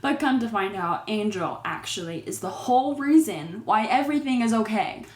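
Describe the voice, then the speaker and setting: A woman's voice: mid-range voice, animated, normal speed, echoey room. A woman casually recapping a horror movie, with exasperated, sarcastic commentary on the characters.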